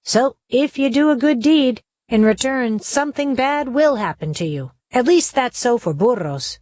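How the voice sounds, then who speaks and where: A woman's voice: high-pitched, expressive, normal speed, a little mellow, no room sound, pitched above the performer's own voice. A woman voicing a weary, hardworking male donkey who complains resignedly, in a storybook play.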